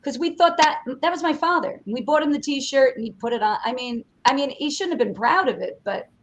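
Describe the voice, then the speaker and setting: A woman with a New York accent holds forth as guest host of a comedy podcast. Her voice sits high, and her talk comes as loose, chatty storytelling. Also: expressive, a little fast, rough recording. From New York State. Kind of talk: casual comedy podcast chat.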